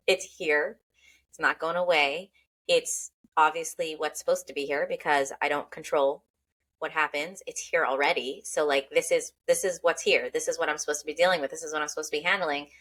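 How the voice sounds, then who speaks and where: A woman hosting a casual podcast, with a deep-set yet bright and forward voice. She thinks aloud as she talks, circling back and restarting her phrases as ideas take shape. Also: fairly even intonation, normal speed. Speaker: podcast host.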